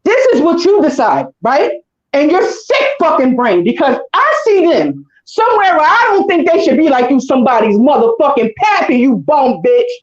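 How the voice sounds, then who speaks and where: A woman's voice: sits high, sing-song, normal speed. A woman co-hosting a casual chat, ranting heatedly and with heavy profanity. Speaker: co-host. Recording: echoey dull lo-fi room.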